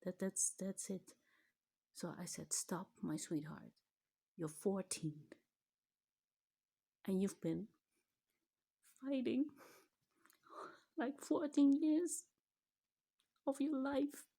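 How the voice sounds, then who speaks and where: A woman's voice: medium pitch, steady tone, extremely slow, vocal fry, pauses often, dark tone, slightly rough. A middle-aged mother recording a vlog, tearful and close to crying, her voice shaky and breaking, at times dropping to a whisper. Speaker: vlogger, mother. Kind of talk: emotional personal vlog.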